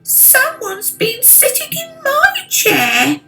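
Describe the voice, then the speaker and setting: A woman voicing a small weepy bear cub that cries as it talks, in an animated storybook. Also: very high-pitched, slow pace, faint music behind, pitched above the performer's own voice, exaggerated voice. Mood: tearful. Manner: crying, wailing.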